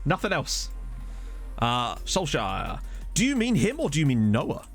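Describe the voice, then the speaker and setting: A male streamer talking into a desktop mic at home, his pitch swinging up and down a lot as he rambles through a football management game. He chats with viewers in a loose, easygoing way, with faint music in the background. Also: wildly swooping pitch, moderate pace. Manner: chatty, rambling, answers viewer chat. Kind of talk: casual live-stream commentary. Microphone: desktop USB microphone.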